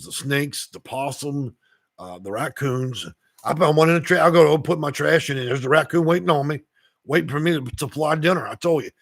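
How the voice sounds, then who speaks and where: A man's voice: medium pitch, no echo, studio quality. A man hosting a casual live stream from his rural home, rambling, swearing and venting about his day. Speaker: channel host.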